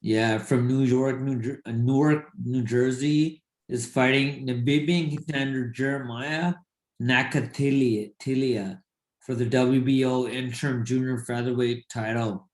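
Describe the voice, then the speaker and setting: Halting man talking boxing, echoey room. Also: mid-range voice, steady tone. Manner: halting, many fillers and restarts. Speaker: podcast co-host, former boxer. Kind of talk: casual sports chat.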